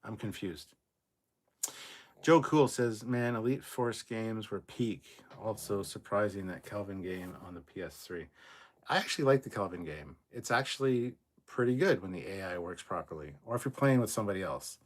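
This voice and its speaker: A middle-aged man with a slightly low voice hosts a livestream from his desk mic. He reads viewer comments aloud and answers them in a loose, casual way, swearing freely. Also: animated, normal speed. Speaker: livestream host reading chat. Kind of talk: casual live chat reading.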